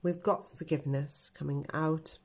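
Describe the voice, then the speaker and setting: A woman's voice: low-pitched, fairly even intonation, normal speed, vocal fry, a little mellow, slight background noise. A middle-aged woman giving a tarot reading to her viewers, talking earnestly and speculating about what she senses. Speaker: tarot reader.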